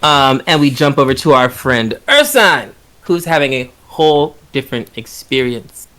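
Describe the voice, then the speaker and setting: A man's voice: mid-range voice, sing-song, normal speed, bright, forceful tone. Rambling jokey game master, a man. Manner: loose, rambling, jokey, fillers and restarts. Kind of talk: narrating a tabletop game.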